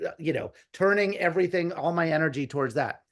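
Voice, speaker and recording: Middle-aged guy, comedy writer, rambling animated stories, voice sits a bit high. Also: fast talker. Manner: animated, rambling with restarts and acted-out quotes. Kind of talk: casual storytelling interview.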